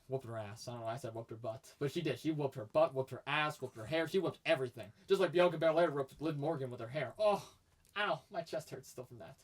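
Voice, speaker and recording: A man co-hosting a podcast in loose, casual chat. He talks quickly, with a middle-pitched voice, and he is opinionated and rambling, laughing often as he goes. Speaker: podcast co-host.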